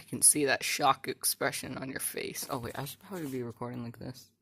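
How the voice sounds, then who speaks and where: Husky low-voiced woman teasing her cats. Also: a little fast, fairly bright tone. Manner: playful, teasing her cats, sudden high squeals. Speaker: pet owner filming her cats. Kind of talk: casual chat to pets. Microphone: handheld phone.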